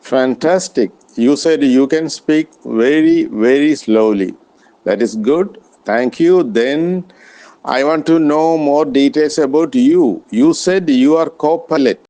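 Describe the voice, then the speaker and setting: Slow, halting man practicing English. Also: a little high, dark tone. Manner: careful, halting and polite. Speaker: English learner. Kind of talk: spoken English practice conversation.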